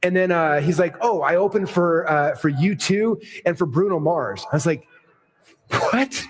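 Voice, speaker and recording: A middle-aged man speaks from a stage to a live audience. He talks fast in a slightly high voice, excited and playful. His story rambles from one tangent to the next. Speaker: keynote speaker.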